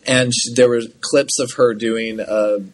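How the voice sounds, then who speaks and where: A man co-hosting a podcast in casual chat, animated and full of quick asides and restarts. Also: mid-range voice, slight background noise. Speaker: podcast co-host.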